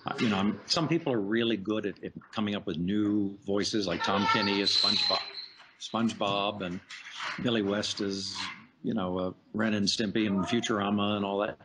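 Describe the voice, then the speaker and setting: Deep-voiced man telling career stories. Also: moderate pace, noisy background. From United States. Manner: chatty, animated anecdotes with playful voice impressions. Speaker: voice actor guest. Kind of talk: casual interview storytelling.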